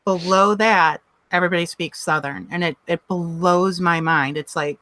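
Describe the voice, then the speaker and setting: A woman's voice: lowish voice, fairly even intonation, moderate pace, few pauses, a bit bright, no echo. A woman with a Chicago accent and heavy S sounds, chatting casually on a video call and laughing easily. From Illinois. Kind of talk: casual chat.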